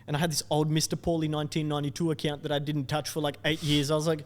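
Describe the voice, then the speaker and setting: A man's voice: on the high side, racing, big-room sound. Laughing Australian man telling stories. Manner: animated, laughs often, slips into impressions. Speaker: content creator guest. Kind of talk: casual storytelling chat.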